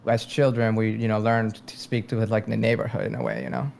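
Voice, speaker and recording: A man from Venezuela, a military veteran, speaking as a podcast guest in a halting, thoughtful way with frequent fillers. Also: fairly low pitch, big pitch swings, gravelly, a little mellow, slight background noise. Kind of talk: casual interview.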